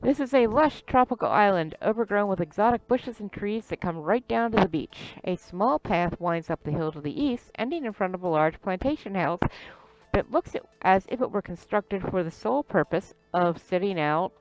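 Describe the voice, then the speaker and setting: A woman's voice: medium pitch, lively intonation, normal speed, darkish tone, soft background music, poor audio. A woman reading an adventure game's text aloud and chatting about it casually, now and then stumbling over names. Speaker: let's play host.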